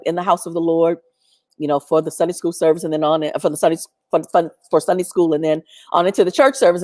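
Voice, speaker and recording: A middle-aged woman telling a personal story in an animated, chatty way with lots of fillers. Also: lowish voice, no echo, studio quality.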